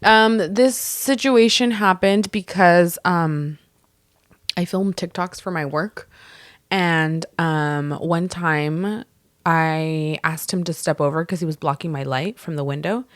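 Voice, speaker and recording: Young female co-host, slightly low and dry, casual animated storyteller. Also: slow pace, no echo. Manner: animated storytelling, acts out quotes, swears freely. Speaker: podcast co-host. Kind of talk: casual chat.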